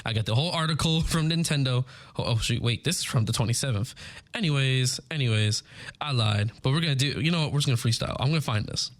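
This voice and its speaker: A young man hosting a show, chatting casually about gaming news, excitable and rambling, often stumbling over his words. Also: mid-range voice, fast. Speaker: show host. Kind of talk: casual chat, news recap.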